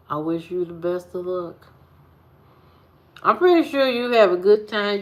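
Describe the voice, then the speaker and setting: A woman vlogger in casual chat with her viewers, teasing them and repeating phrases for emphasis. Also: fairly low pitch.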